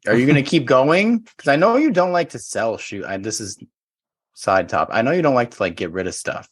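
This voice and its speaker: A man's voice: mid-range voice, lively intonation, fairly quick. A young Canadian man hosting a podcast, reading quiz questions and teasing his guest in a playful, casual way. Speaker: podcast host.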